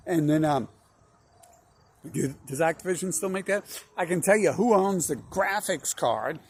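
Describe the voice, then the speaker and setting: Rambling, husky-voiced man swearing freely. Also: high voice, darkish tone. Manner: rambling, profane, full of fillers and restarts. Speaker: channel host. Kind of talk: rambling monologue.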